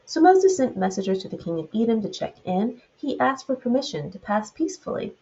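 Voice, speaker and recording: A woman's voice: a little high, sing-song, a little fast, warm tone, highs cut off. A woman with a Southern US accent teaching a Bible study, retelling the verses and then adding loose commentary of her own.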